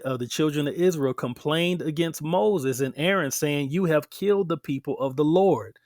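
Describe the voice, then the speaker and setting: A man's voice: on the high side, no room sound, studio quality. A man teaching scripture aloud, reading verses and breaking in with emphatic, conversational asides to his listeners. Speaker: Bible teacher.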